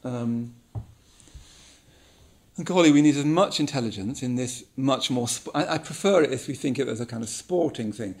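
Gravelly-voiced man musing in a talk. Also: medium pitch, normal speed, a little mellow. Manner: musing, repeats words, many ums. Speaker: speaker giving a talk. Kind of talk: reflective spoken talk.

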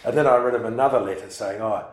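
A man's voice: medium pitch, racing. A man telling a personal story to listeners in a rambling, self-mocking way. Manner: rambling, self-mocking, many fillers and restarts. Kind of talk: casual storytelling talk. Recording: echoey room.

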